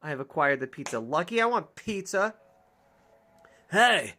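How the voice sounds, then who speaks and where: A woman's voice: deep voice, animated, fairly quick, a bit bright. A young woman streamer giving goofy, joking commentary while reading a dating game aloud. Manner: goofy, reads dialogue aloud, swears and jokes. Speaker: gaming streamer. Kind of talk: casual let's-play commentary.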